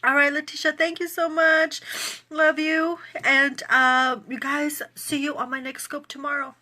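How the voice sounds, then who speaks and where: A woman's voice: high voice, flat delivery, a little slow, bright, forceful tone. A woman who runs a fitness business, speaking in a heartfelt, emotional way straight to her livestream viewers.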